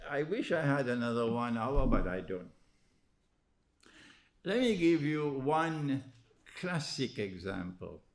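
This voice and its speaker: Animated man giving a religious lecture. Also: medium pitch, slight background noise. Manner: animated, rhetorical questions, prods listeners with "huh?". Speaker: Islamic lecturer.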